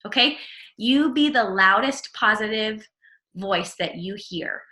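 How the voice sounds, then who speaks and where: A woman's voice: mid-range voice, expressive, takes it slowly, sharp tone, reverberant. A woman giving an earnest, encouraging mindset talk on a video call, repeating her key phrases. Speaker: network marketing leader.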